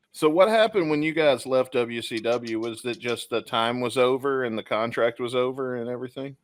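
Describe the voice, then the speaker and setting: A man's voice: mid-range voice, moderate pace, no echo. A male podcast host with a mid-range voice who asks his guest short, easy questions in loose chat. His voice sounds close and dry. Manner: brief reactions and questions. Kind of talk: casual interview.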